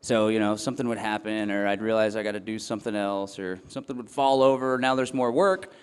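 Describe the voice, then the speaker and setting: A man's voice: on the low side, steady tone, fast, smooth. Earnest young man speaking in a hall. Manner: earnest, reflective, frequent ums and restarts. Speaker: festival speaker. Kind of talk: talk to a live audience. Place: event hall or tent. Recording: long hall reverb.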